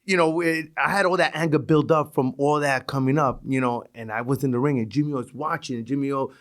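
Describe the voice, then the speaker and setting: A middle-aged man from Brooklyn with a New York accent, telling stories as a podcast guest, animated and full of restarts. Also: mid-range voice, quick pace. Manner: animated, restarts a lot, acts out quotes. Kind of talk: casual storytelling interview.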